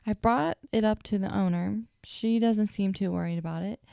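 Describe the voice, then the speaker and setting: Young woman podcast host, sleepy, chatty and self-mocking, mellow gravelly tone, dry close sound. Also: medium pitch, normal speed, no room sound. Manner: chatty, self-deprecating, stutters at times. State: sleepy, yawning. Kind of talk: casual solo storytelling.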